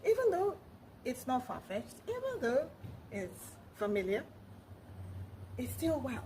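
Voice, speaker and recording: A woman hosting a reaction video, talking slowly and expressively. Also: sits high, a little hiss or hum. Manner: slow, expressive, rising emphasis. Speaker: host.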